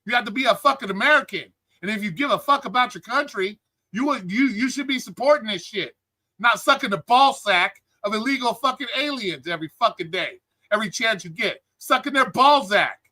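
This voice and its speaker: A man's voice: sits high, expressive, a little fast, pushed and bright. A man hosting a live stream, delivering an angry, profane political rant and greeting chat viewers by name. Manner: angry, heated, swearing constantly. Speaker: livestream host.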